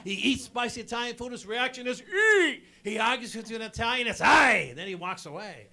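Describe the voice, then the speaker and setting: A man doing stand-up comedy on stage, loud and punchy, talking to the crowd as folks. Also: very high-pitched, big pitch swings, a little fast, creaky. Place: stage before a live audience.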